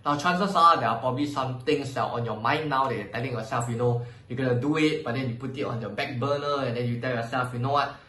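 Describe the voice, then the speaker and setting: A man's voice: mid-range voice, quick pace, pushed and bright, reverberant, poor audio. A man hosting a motivational self-help podcast. He speaks conversationally and often acts out his own inner voice. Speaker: podcast host.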